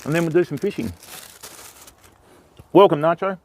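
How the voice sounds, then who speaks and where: Outdoors by the water, an older Australian man hosts a casual fishing livestream, greeting viewers by name in an easygoing way. His voice is on the high side at normal speed, with slight background noise.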